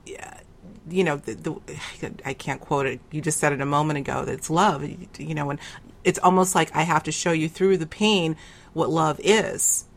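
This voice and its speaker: A woman's voice: low-pitched, fairly even intonation, moderate pace, vocal fry. A woman hosting an interview, asking reflective, probing questions. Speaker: host.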